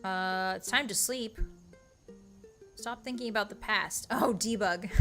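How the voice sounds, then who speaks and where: A woman streamer giving excitable, casual commentary while playing a game, bursting into exclamations and now and then slipping into playful pirate talk. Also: mid-range voice, a little slow, soft background music.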